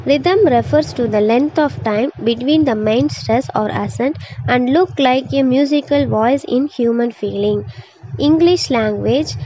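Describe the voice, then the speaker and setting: Woman reading a phonetics lesson, mellow. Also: on the high side. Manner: reads slowly in short phrases, some wording slips. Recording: dull lo-fi recording, faint hiss.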